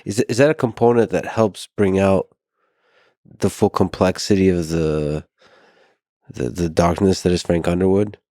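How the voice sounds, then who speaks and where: Deep soft-spoken male interviewer. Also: steady tone, normal speed, no echo, clean studio sound. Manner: soft-spoken, hesitant, with restarts. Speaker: podcast host. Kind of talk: interview questions.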